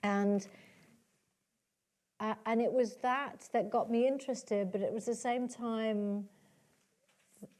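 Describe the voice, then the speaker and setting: Speaking slowly and pausing often, a woman with a British accent answers as a guest at a literary talk, onstage with audience questions. Her slightly high, a little mellow voice keeps fairly even intonation, and she's hesitant, full of restarts and fillers.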